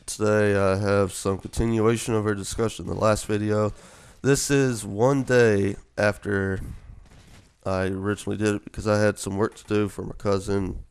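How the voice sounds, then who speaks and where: A man's voice: on the low side, flat delivery, moderate pace, clear, resonant tone. A young man giving casual, rambling commentary over gameplay, sleepy from just waking up, with many fillers. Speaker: gaming video commentator.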